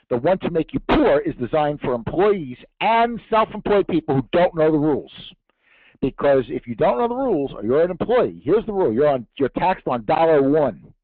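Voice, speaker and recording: A man's voice: a little high, very animated, normal speed, no echo. Emphatic man giving a tax seminar. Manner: emphatic, rhetorical questions and jokes. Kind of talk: seminar talk to an audience. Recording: tinny narrow-band dry recording.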